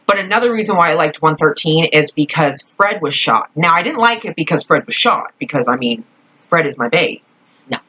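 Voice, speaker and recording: A young woman talks in a low, husky voice, rambling through her thoughts with loose, expressive energy and casual swearing. The sound is dull and lo-fi, like a home vlog recording. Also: fairly quick. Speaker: vlogger. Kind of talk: casual fan chat.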